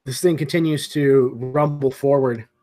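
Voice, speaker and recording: A man's voice: mid-range voice, steady tone, normal speed, warm tone, faint music behind. Man narrating as dungeon master. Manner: loose, descriptive, filler-heavy. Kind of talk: narrating a tabletop game.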